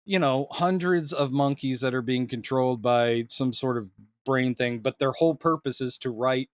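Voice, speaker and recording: A man co-hosting a casual film discussion podcast, animated and quick to act out lines he quotes, laughing often. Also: medium pitch, no room sound, studio quality. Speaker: podcast co-host.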